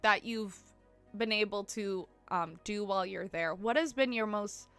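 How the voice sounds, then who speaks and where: A woman's voice: medium pitch, a little slow, fairly bright tone, clear, resonant tone, soft background music. Giggly Canadian woman chatting on stream. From Ontario, Canada. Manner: chatty, lots of "like" and "um", giggly, apologetic. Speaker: livestreamer. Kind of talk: casual livestream chat with viewers. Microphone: desk mic she keeps bumping.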